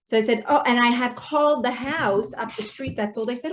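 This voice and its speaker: A woman's voice: a little high, fairly quick, few pauses. A woman, a real estate agent, telling a chatty story of a sales call on a video call, quoting both sides as she goes.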